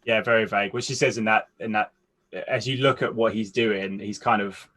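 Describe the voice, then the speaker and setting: A man's voice: lowish voice, steady tone, fairly quick, a bit bright. A man co-hosting a casual film chat, thinking aloud in long, winding sentences. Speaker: film podcast co-host.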